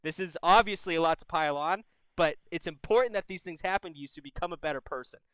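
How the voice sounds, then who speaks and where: Young guy hosting a call-in stream, bright crisp voice, swears a lot, talks to the caller like a big brother. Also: on the high side, quick pace, no echo, poor audio. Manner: blunt, profane, brotherly advice. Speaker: advice show host. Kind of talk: casual advice chat.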